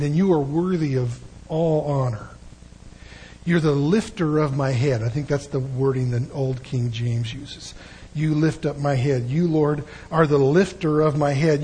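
A man's voice: a little high, a little mellow, husky, poor audio. An older man giving a folksy, conversational sermon with frequent asides. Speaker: preacher.

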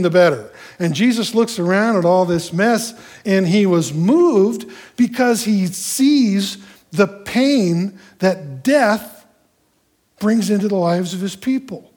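A man preaching a sermon, walking through a scripture passage verse by verse and acting out the characters' lines in an animated way. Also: high-pitched.

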